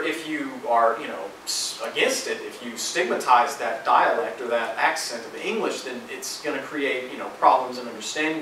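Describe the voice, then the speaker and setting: A man's voice: medium pitch, a bit bright, a little hiss or hum. A young man giving a casual class presentation, with frequent fillers and restarts. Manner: informal, many fillers. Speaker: student presenter. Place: lecture room. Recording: echoey lecture hall, distant mic.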